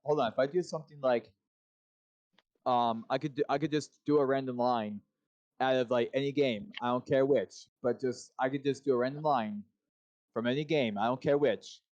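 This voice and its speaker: A man's voice: medium pitch, moderate pace, a little mellow, dry recording. A man hosting a casual chat with friends, often restarting and repeating his phrases. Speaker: host. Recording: dull lo-fi call audio.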